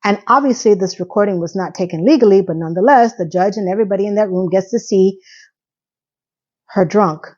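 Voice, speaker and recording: A woman's voice: medium pitch, a little fast, a little mellow, dull audio. A woman casually recapping a TV episode in a chatty, sarcastic, incredulous way. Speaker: TV recap vlogger.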